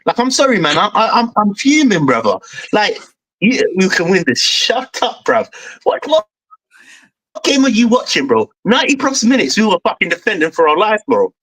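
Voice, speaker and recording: A man's voice: high voice, sing-song, normal speed, a bit bright, rough recording. A young man hosts a football fan stream and rants angrily, swearing and saying "bro" again and again. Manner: angry, swearing, repeats "bro". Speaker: fan show host. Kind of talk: heated football fan rant.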